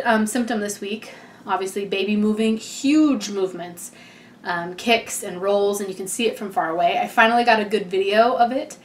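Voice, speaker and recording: A heavily pregnant young woman giving a casual, rambling vlog update, chatty and laughing often. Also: medium pitch. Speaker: vlogger.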